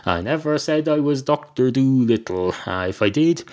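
A man's voice: mid-range voice, animated, moderate pace, a little mellow, voice pushed up, natural voice. A man voicing a pedantic wicker dummy who poses as a factory foreman and talks in a prim, corrective way with a slightly raised voice.

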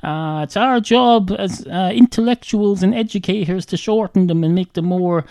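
A man giving a rambling comic monologue, deadpan and halting, with many "uh" fillers. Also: high-pitched, dry recording. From Ireland.

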